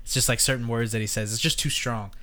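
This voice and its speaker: A male podcast host in loose, offhand chat, cursing freely and poking fun at himself. His voice sits at an ordinary middle pitch for a man. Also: steady tone, quick pace, bright, forceful tone. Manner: loose, swearing, self-mocking. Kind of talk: casual chat.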